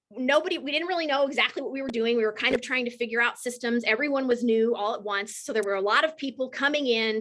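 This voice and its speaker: A woman, a team leader telling an audience her story in a heartfelt, animated way. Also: on the high side. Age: 40s. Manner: warm, emotional, animated storyteller. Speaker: team leader speaking to a group. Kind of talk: heartfelt casual talk to an audience.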